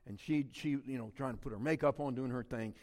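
A middle-aged man, preaching a sermon as a pastor, swinging between loud emphatic passages and quiet ones. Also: mid-range voice, fairly quick, long reverb tail. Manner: animated preaching with big swings in loudness.

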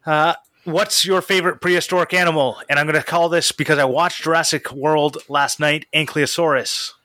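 A young man co-hosting a casual podcast chat, reading out listener questions and joking with quick laughs. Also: on the high side, steady tone, sharp tone, no echo. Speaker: podcast co-host.

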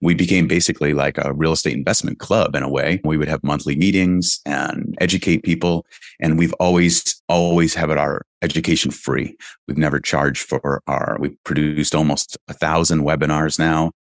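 Middle-aged male interview guest, casual earnest storyteller, deep low register. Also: steady tone, normal speed, no echo, clean studio sound. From California. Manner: earnest, reflective, with frequent "you know" fillers. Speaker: interview guest, real estate investing founder.

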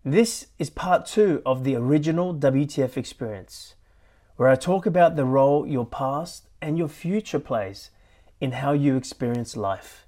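A man's voice: mid-range voice, lively intonation, unhurried, dark tone. A man, a podcast host and coach, reading an upbeat scripted introduction over faint background music.

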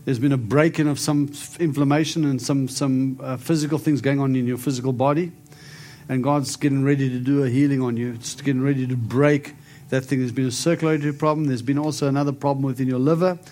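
A man's voice: mid-range voice, steady tone, fast talker, mellow, slight background noise. A man preaching and prophesying over a congregation, emphatic and declaring, often coaxing his listeners to respond. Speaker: preacher giving prophetic ministry. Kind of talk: charismatic sermon and prophecy.

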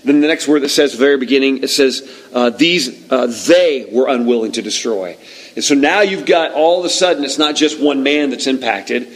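A man preaching a sermon in a relaxed, conversational way, retelling a scripture story and acting out its moments. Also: mid-range voice, brisk, hardly any pauses, low-quality recording. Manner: conversational, animated storytelling that acts out the scene. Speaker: pastor.

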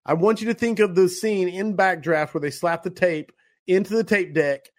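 A man hosting a podcast, running a playful quiz with his guest in casual chat. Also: high-pitched. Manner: playful, quick quiz-show banter. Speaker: podcast host.

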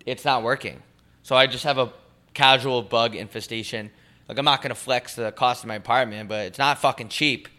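Young man rambling in crude deadpan jokes. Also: medium pitch, fairly quick. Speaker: podcast co-host. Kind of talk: casual chat.

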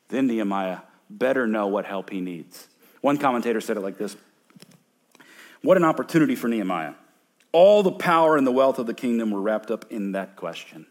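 A man in his thirties, a pastor preaching a sermon, moving from loud emphatic points to hushed storytelling. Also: on the low side, expressive, moderate pace. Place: church sanctuary.

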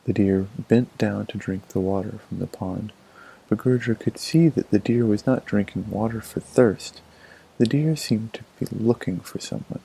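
A man narrating a folk tale in a measured, expressive storybook manner. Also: on the low side, vocal fry, slightly rough, low-quality recording.

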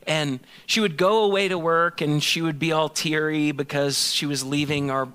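A man's voice: on the high side, fairly even intonation, normal speed, a bit bright, clean tone. A man in his thirties, a pastor telling a self-mocking personal story in a sermon and acting out both sides of a conversation.

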